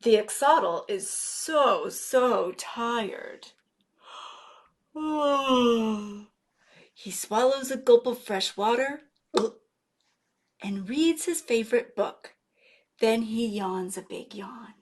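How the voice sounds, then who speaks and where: A woman librarian reading a picture book aloud at children's story time, playful and animated, gasping and asking the children questions. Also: a little high, takes it slowly. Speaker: guest librarian.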